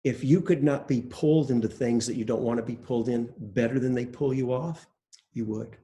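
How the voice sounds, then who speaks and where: An older man giving a relaxed, conversational dharma talk as a meditation teacher, telling stories with small hesitations. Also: medium pitch, brisk. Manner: relaxed, conversational, self-deprecating storytelling with hesitations.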